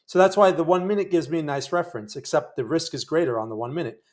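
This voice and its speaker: A man with a fairly high voice hosts a live trading stream. He talks in a chatty, wry way as he follows the trades and speaks to viewers. The commentary runs loose and off the cuff. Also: quick pace. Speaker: day trading livestream host.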